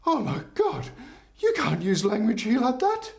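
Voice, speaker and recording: A man's voice: high-pitched, sing-song, a little fast, voice pushed up. A man voicing a prim older female Mother Superior in a told joke, easily shocked.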